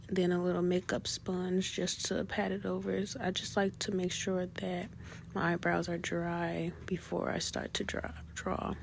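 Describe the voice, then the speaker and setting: A woman casually narrating a makeup tutorial in a relaxed, chatty way, often pausing on "um" and correcting herself. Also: mid-range voice, vocal fry, slight background noise. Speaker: beauty vlogger.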